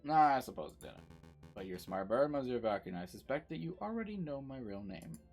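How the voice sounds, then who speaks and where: A man's voice: medium pitch, very animated, fairly quick, a little mellow, faint music behind, pitched above the performer's own voice. A man playing a sly, flowery bird prisoner. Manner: flowery, storytelling, French-flavoured address. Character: smooth-talking male bird prisoner, theatrical.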